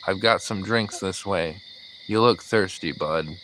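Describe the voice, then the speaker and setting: A man voicing a calm, gentle old man who speaks softly and steadily in a coaxing way. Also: low voice, unhurried, a little hiss or hum, poor audio.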